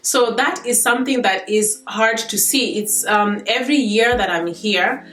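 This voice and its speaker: A woman's voice: fairly high pitch, a little slow, a bit bright, reverberant. A Kenyan woman in her thirties, chatting casually to camera as a vlogger, laughing between points.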